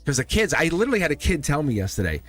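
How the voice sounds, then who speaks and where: Guy doing a live tarot reading, super animated, chatty with viewers, soft music in the back. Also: on the high side, racing. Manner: animated and playful, laughs often, talks to viewers. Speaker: tarot reader and live stream host.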